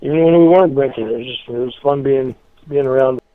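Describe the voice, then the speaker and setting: A man chatting casually in a low-key, hesitant way, repeating words as he goes. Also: fast talker. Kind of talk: casual chat. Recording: tinny phone-like sound.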